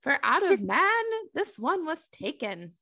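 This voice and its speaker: Adam, the solemn first man of a scripture reading, as a woman puts him on in a mock man voice that climbs higher than her plain reading tone. The recording is dry and a little dull, with no room sound. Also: sing-song, measured pace, gravelly, bright, forceful tone, dry recording, heavily acted.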